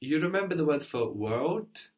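A man's voice: fairly high pitch, expressive, normal speed, a little mellow. Patient man teaching a language lesson. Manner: patient, prompting questions and praising answers.

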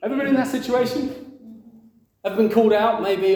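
A man's voice: high voice, normal speed, long pauses, a little mellow. A man preaching a conversational sermon, asking the congregation questions and acting out quoted voices. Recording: very echoey room.

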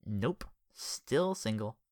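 Woman voicing a quiet subdued man. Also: extremely low pitch, expressive, slow pace, no room sound, studio quality, full character voice. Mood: wry. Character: soft-spoken grieving adult man. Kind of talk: audiobook character voice.

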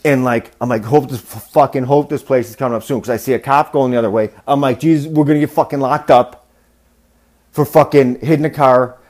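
A man hosting a podcast, casually telling a travel story, swearing freely and bursting into loud rants. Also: mid-range voice, fairly even intonation, fairly quick. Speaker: podcast host.

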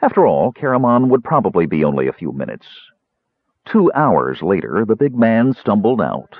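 A man narrating a fantasy story aloud in an expressive storytelling manner. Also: low voice, normal speed, slightly rough, no echo. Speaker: audiobook narrator. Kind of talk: scripted narration. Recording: tinny phone-like sound.

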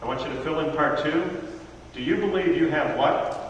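A man in his thirties gives a lively talk to a crowd, telling stories and playing every voice in them himself. His voice sits a touch high. It rings around a large, echoey hall, picked up from a distance. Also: normal speed, lo-fi sound, a little hiss or hum. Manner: animated storyteller acting out dialogue. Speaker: speaker teaching a church audience. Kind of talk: lively talk to a live audience.

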